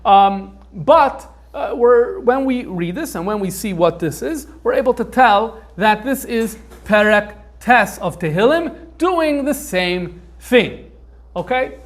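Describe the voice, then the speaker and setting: High-voiced man lecturing with many fillers. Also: animated, slow. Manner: conversational, thinks aloud with frequent fillers. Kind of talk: informal lecture on manuscripts.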